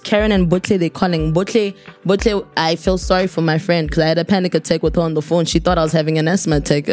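A young woman from Botswana, telling a story as a podcast guest and acting out the voices of the people in it. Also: on the low side. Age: young adult. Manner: lively, acts out voices of people in her story. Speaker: podcast guest, fashion designer.

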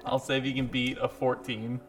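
A man's voice: mid-range voice, flat delivery, a little fast, over music. A man running a tabletop game as game master, narrating loosely with frequent laughs.

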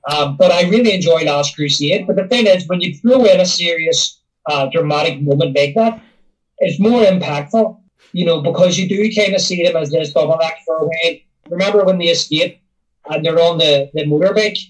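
A man co-hosting a casual movie podcast, talking in a halting way with many fillers. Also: on the high side, distant mic, poor audio. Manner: hesitant, lots of ums and restarts. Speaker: podcast co-host. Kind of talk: casual film review chat.

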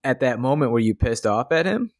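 A man's voice: medium pitch, big pitch swings, fairly quick, a little mellow, no room sound, studio quality. A man hosting a podcast interview, throwing in short reactions and laughing often. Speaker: podcast host. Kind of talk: casual interview chat.

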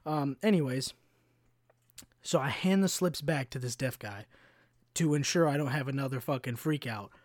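A man's voice: medium pitch, moderate pace, pauses often, no echo, studio quality. A young man hosting a podcast, telling a story in a profane, exasperated rant and acting out the other people's lines. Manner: profane, exasperated ranting with acted-out quotes. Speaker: podcast host. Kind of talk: casual storytelling monologue. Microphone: podcast mic, no camera.

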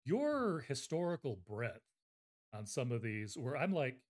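A man's voice: medium pitch, very animated, normal speed. A man hosting a casual livestream book interview, chatty and rambling with fillers. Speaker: interview host.

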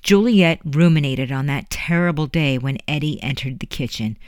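Measured, dramatic audiobook narrator. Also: mid-range voice, clear, resonant tone, dry recording, studio quality. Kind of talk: scripted narration.

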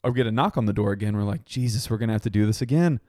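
A man's voice: on the low side, rapid-fire, warm tone, no echo. A man tells a rowdy party story on a casual podcast. He swears freely and laughs often as he talks. The sound is dry and close. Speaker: podcast co-host.

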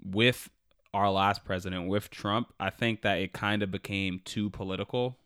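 A man's voice: lowish voice, moderate pace, smooth, no room sound, studio quality. A young man on a podcast, telling a work story in casual chat and acting out quoted voices, with a lot of "like". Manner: animated, acts out quoted voices, lots of "like". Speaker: podcast co-host.

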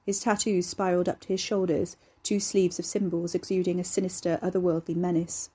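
A woman narrating a serialized horror story in a steady, measured way. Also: on the low side, breathy edge. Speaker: narrator and author. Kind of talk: serialized horror fiction reading.

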